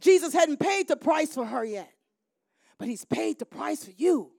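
A middle-aged woman minister preaching a sermon, swinging from quiet storytelling to loud shouted calls and crowd call-and-response. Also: sits high, animated, unhurried, gravelly, no echo, clean studio sound.

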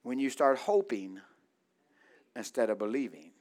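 A man preaching to a church congregation, calling for responses and rising into shouts. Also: medium pitch, big pitch swings, unhurried. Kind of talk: sermon.

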